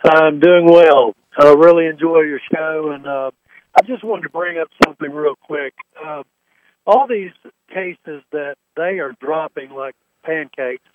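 A man's voice: on the high side, measured pace. A male caller asking a question on a call-in radio show, hesitant and plain-spoken. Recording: tinny phone line.

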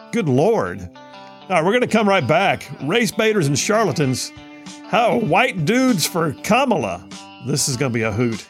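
Gravelly radio host. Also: male voice, medium pitch, dry recording, clean studio sound. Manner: emphatic, folksy, sarcastic. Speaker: radio talk show host. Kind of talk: political talk radio. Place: radio studio.

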